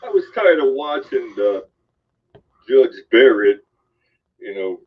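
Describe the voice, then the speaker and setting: A man co-hosting a casual political chat, speaking haltingly with many ums and uhs and swearing casually. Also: medium pitch, sing-song. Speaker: podcast co-host. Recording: dull lo-fi sound.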